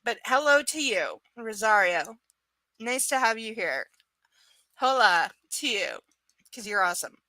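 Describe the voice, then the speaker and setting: A woman's voice: a little high, expressive, a little slow, long pauses, pushed and bright, no echo. A woman hosting a live stream, reading a book aloud and commenting on it in a sarcastic way, often swearing as she rants.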